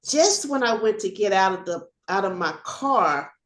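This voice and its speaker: Older woman, ex-cop, animated storyteller, video call audio, echoey room. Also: medium pitch, moderate pace. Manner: animated storyteller, acts out shouting and laughs. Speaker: retired police officer.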